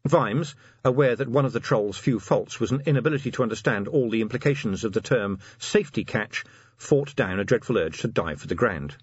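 A man's voice: medium pitch, expressive, a little fast, slightly rough, no room sound, lo-fi sound. A man narrating an audiobook expressively, giving each character a voice.

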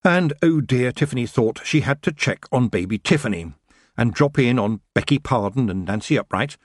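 A man narrating a fantasy audiobook in a lively storytelling manner. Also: mid-range voice, normal speed, no room sound, clean studio sound. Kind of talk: scripted narration.

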